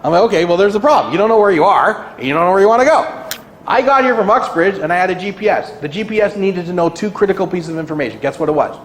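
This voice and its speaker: A man giving an energetic motivational talk at an office meeting, often asking "right?" and acting out anxious clients in high, quick bursts. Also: slight background noise. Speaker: guest speaker at a realty kickoff meeting. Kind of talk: motivational presentation. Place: meeting room. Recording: echoey room.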